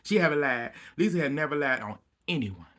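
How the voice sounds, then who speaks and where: A man giving a casual recap of a reality TV episode, acting out what people said with lots of laughter and sudden loud outbursts. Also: a little high, brisk, a little hiss or hum. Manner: animated storytelling, acting out quotes, frequent laughter and outbursts.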